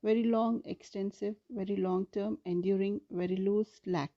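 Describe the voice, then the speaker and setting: A woman English teacher reading a vocabulary list in a steady, measured way. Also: mid-range voice, muffled recording.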